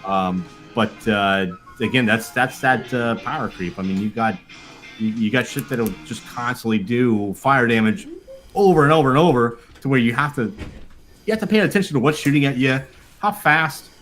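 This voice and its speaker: A man's voice: mid-range voice, moderate pace, a bit bright, faint music behind. A man appearing as a guest on a live gaming podcast, talking bluntly and profanely with frequent fillers.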